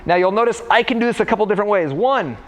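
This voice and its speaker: A young man coaching warm-up exercises in a casual, joking way while demonstrating the moves. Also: sits high, lively intonation, very fast. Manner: playful, jokey, talks while exercising. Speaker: freerunning coach.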